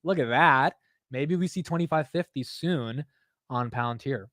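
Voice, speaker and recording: A man's voice: mid-range voice, moderate pace, fairly bright tone, no room sound, studio quality. A young man hosting a casual stock market livestream, chatting loosely, swearing and laughing at himself while reading chat aloud.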